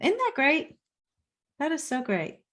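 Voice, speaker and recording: A woman's voice: high voice, huge pitch swings, unhurried. Affirming woman podcast host. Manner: warm affirming, encouraging. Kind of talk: casual interview chat.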